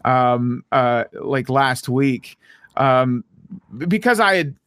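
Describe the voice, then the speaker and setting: A man's voice: medium pitch, animated, slow, a bit bright, clear, resonant tone, dry recording, studio quality. A man in his thirties hosting a casual podcast chat, rambling with lots of fillers. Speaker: podcast host.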